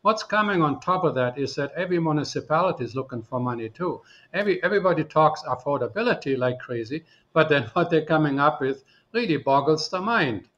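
A man from Canada speaking as a guest on a radio interview, animated and full of rhetorical questions. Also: a little high, fairly quick, few pauses, dull audio. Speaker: real estate commentator guest.

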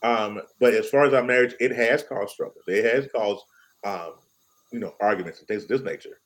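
A man's voice: lowish voice, a little fast, low-quality recording. A man on a podcast panel speaking candidly and emotionally about family life in casual chat. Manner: candid, emotional, talks in restarts.

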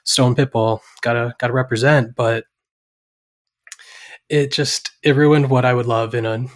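A man co-hosting a podcast, opinionated in casual chat, with halting restarts. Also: medium pitch, fairly even intonation. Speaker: podcast co-host.

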